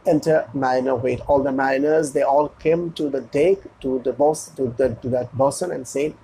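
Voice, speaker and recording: A man's voice: mid-range voice, steady tone, moderate pace, mellow, a little hiss or hum, poor audio. A man explains a play line by line as an English teacher. He often repeats and restarts his phrases, and he reads the quoted lines in a raised, emphatic voice.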